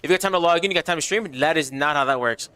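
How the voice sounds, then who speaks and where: A man's voice: fairly high pitch, very fast, smooth, no room sound. A young man hosting a casual livestream, chatting in slang, reading viewer messages aloud and answering them with big swings in energy. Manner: animated, slangy, reads chat aloud. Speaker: streamer.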